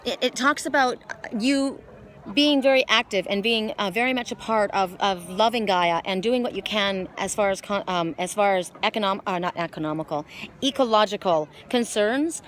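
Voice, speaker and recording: A woman talks her way through an oracle card reading while standing outside by a lake in a wooded glen. She rambles and restarts her sentences often, her pitch sitting in an ordinary middle range. Faint outdoor noise runs behind her. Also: normal speed, fairly bright tone. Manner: chatty, rambling, with many restarts. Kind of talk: casual spiritual reading vlog outdoors.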